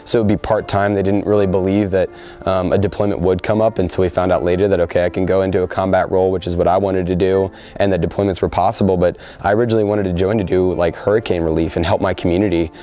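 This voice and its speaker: A man's voice: sits low, level tone, fast talker, dark tone. A young man in his twenties speaking earnestly in a sit-down interview, with frequent fillers. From United States. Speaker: soldier interviewed before deployment.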